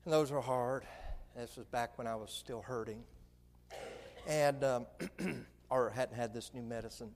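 A middle-aged man preaching, telling a lively story with comic put-on voices. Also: medium pitch, unhurried, long pauses, long reverb tail, slight background noise. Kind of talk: sermon story.

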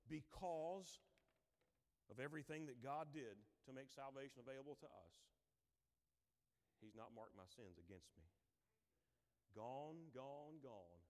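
A man preaching a Sunday sermon, acting out Bible figures in quick voices and breaking into hymn lines. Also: mid-range voice, darkish tone. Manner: dramatic, acts out Bible characters in voices. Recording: long hall reverb.

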